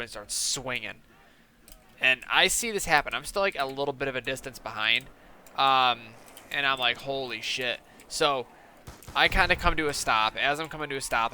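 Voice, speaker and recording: A young man and gaming channel host telling a story in casual, animated, profane style, full of fillers and quoted lines. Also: medium pitch, a little hiss or hum.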